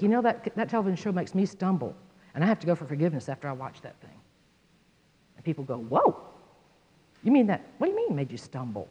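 A woman giving a Bible teaching, telling a personal story in an animated way and acting out the voices of the people in it. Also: lowish voice, breathy edge. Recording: dull sound in a hall with long echo.

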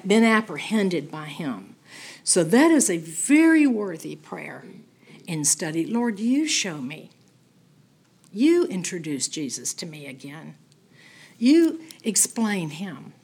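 An older woman teaching a Bible study, telling stories in a folksy, animated way and acting out the people she quotes. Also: medium pitch.

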